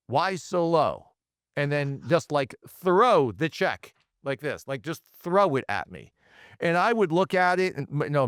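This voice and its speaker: Animated man telling a story. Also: mid-range voice, clean tone, no room sound, studio quality. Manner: animated, acts out quotes. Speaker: podcast guest, automotive CEO. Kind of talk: storytelling in casual interview.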